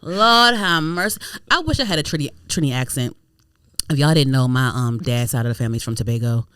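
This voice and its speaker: A young woman from Maryland co-hosting a podcast, rambling through animated casual chat with lots of fillers. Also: a bass voice, fast talker, clear, resonant tone, dry recording. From United States, Prince George's County, Maryland. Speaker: podcast co-host.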